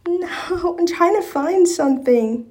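A woman's voice: very high voice, expressive, takes it slowly, darkish tone, echoey room. A woman with a Southern accent hosting her own podcast, chatting in an effusive, filler-heavy way and reading aloud from her book. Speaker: podcast host.

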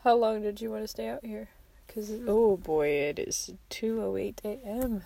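A woman's voice: medium pitch, moderate pace, creaky, warm tone, no echo. A woman co-hosting a casual late-night podcast, laughing often, swearing freely and making fun of herself. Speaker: podcast co-host. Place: outdoors at night.

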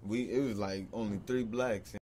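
A man from Long Beach telling stories in casual chat, animated, acting out the voices of people he quotes and laughing often. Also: lowish voice, normal speed, slight background noise. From Long Beach, California. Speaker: podcast guest.

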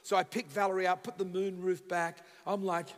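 An Australian man preaching as a guest speaker, telling funny stories and acting out the dialogue with sudden shouts. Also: high-pitched, brisk, long reverb tail. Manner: animated, acts out dialogue, bursts into shouts. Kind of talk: humorous sermon storytelling. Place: church sanctuary.

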